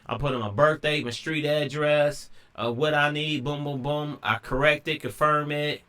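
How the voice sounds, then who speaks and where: A man's voice: fairly high pitch, steady tone, moderate pace, bright, forceful tone, clean tone. A man talking casually in a rambling monologue, full of slang and restarts. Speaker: commentator.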